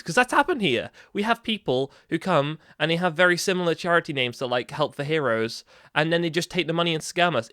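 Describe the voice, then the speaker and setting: A man's voice: mid-range voice, fairly bright tone, dry recording, clean studio sound. A young man vlogging a casual storytime, rambling with lots of restarts and asides.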